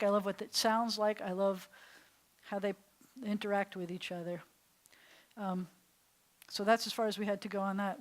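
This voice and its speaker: A woman rabbi teaching a Hebrew class in a synagogue classroom, enthusiastic, slowly sounding out breathy words. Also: mid-range voice. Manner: enthusiastic, drawn-out breathy pronunciations.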